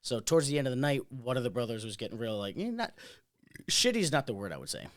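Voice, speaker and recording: Lively, animated male podcast storyteller. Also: mid-range voice, fast talker. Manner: animated, acts out quotes with loud swearing bursts. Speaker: podcast co-host. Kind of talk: casual storytelling chat.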